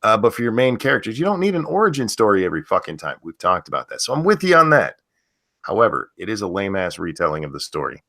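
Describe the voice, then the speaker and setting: Blunt, ranting man with a low voice. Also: very animated, quick pace, vocal fry, sharp tone, no echo, studio quality. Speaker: co-host. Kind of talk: casual live-stream chat.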